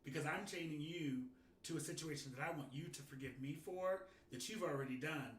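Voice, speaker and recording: A man in casual conversation, reflective and full of restarts, with a bright, slightly higher voice. He sits back from the mic in a reverberant room, with faint ambient noise behind him. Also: brisk, distant mic. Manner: reflective, restarts often, laughs into his points. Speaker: podcast co-host. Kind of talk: casual chat.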